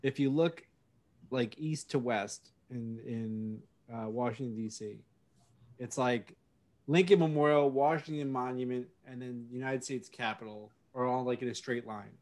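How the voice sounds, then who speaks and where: A man's voice: medium pitch, a little slow, darkish tone. A man co-hosting a casual podcast, rambling and fixated on a detail, mocking himself. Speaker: podcast co-host. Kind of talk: casual chat.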